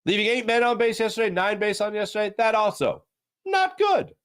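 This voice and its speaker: A man hosting a sports talk show, ranting with strong opinions and swinging between low grumbles and loud outbursts. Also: fairly even intonation, quick pace, smooth, no echo, clean studio sound. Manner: mocking put-on fan voice at times. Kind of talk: opinionated sports radio rant.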